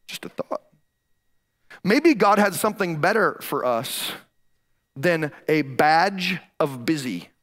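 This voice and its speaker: High-voiced, bright-toned male pastor preaching. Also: slow. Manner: animated, emphatic, repeats key phrases. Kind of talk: sermon. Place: church stage.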